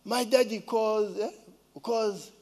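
A man's voice: high-pitched, steady tone, slow pace, a little mellow. A man with a Ugandan accent telling a casual story, asking rhetorical questions and now and then mimicking a child's voice.

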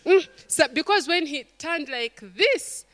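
Woman preaching with animated stories. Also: high-pitched, takes it slowly, no room sound. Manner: animated storytelling, acts out quotes, calls to the congregation. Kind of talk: sermon.

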